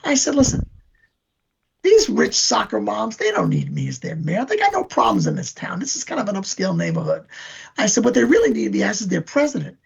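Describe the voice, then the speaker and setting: A man's voice: high-pitched, big pitch swings, brisk, vocal fry, breathy edge. An older man, chatting as an interview guest and telling long boastful stories in a rambling way. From New York. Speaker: band member, guest. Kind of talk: casual chat. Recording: dull lo-fi recording.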